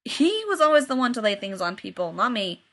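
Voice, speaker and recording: A woman's voice: high voice, sing-song, unhurried, a bit bright, voice pushed up, exaggerated voice. A woman reading aloud and voicing a flustered young man who snaps back in indignant outbursts. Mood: snarling. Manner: snappy, scandalized outbursts.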